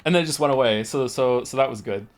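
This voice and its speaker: A man's voice: medium pitch, fast talker. Rambling, profane man in his forties. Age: 40s. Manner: rambling, profane storytelling with many restarts. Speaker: streamer. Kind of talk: casual chat.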